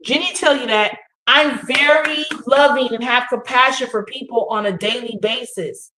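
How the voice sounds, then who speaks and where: A woman's voice: on the high side, normal speed, reverberant, noisy background. A woman co-hosting a livestream, talking brashly with plenty of swearing and cheering on her co-host. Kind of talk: casual livestream chat.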